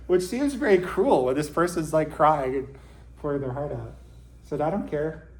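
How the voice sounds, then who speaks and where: A man's voice: fairly high pitch, expressive, a little slow. A man giving an informal Zen Dharma talk to his group, conversational with dry self-deprecating humor. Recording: roomy echo.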